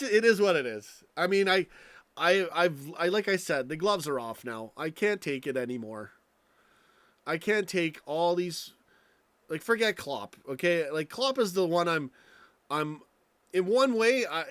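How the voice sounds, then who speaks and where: A man's voice: a little high, fairly bright tone, no room sound. A young American man hosting a casual late-night livestream from home, rambling and profane, restarting his sentences often. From United States. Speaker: live stream host. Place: home, indoors.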